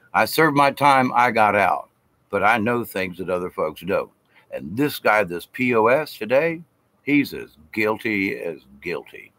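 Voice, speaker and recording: A man's voice: on the low side, a bit bright. A man telling a story in a casual vlog. He rambles from point to point and hits his words with emphasis. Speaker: vlogger.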